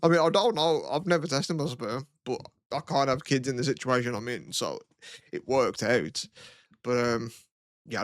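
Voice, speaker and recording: A man's voice: mid-range voice, no echo, clean studio sound. A young man from the UK, co-hosting a podcast in casual, rambling chat with plenty of swearing and fillers. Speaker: podcast co-host.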